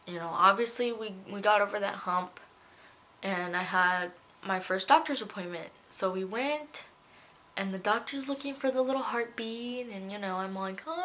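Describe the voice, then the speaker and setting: A woman's voice: medium pitch, bright, forceful tone. A young woman telling a personal story in a casual vlog, emotional and close to tears at times. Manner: emotional, tearful retelling. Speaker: vlogger.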